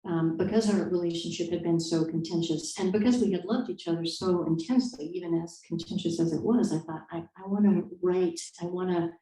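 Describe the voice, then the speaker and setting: A woman's voice: fairly low pitch, steady tone, a little fast, few pauses, warm tone. A woman author answering interview questions in a thoughtful, hesitant way, with many fillers and restarts. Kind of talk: conversational interview. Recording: echoey room, distant mic.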